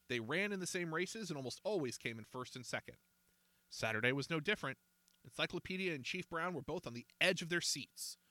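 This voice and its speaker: A man reads a children's storybook aloud with an animated, lively pitch and a bright tone. The recording is dry and close. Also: no echo. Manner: expressive, animated.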